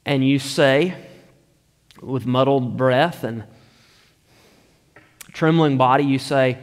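A man preaching a sermon, slow and deliberate, often dropping to a hushed tone for emphasis. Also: mid-range voice, big-room sound.

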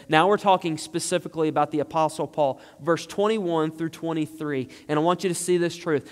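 High-voiced fervent preacher in a reverberant hall. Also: male voice. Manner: emphatic preaching, rising into fervent pleas. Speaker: pastor. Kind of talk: sermon.

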